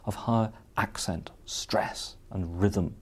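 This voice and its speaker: A man explaining poetry in an interview, in a thoughtful, measured way. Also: lowish voice, fairly even intonation, slightly rough. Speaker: literary scholar.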